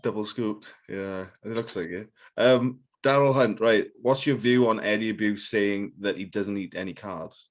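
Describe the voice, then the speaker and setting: A man's voice: lowish voice, normal speed, hardly any pauses. A man hosting a podcast, chatty and laughing often, steering to listener questions. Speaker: podcast host. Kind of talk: casual podcast chat.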